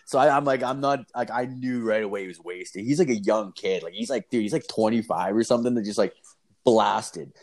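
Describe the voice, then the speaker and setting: During a casual storytelling chat, a male podcast co-host in his twenties rambles through a tale thick with profanity and filler. He speaks fairly quickly, his fairly low voice a little mellow.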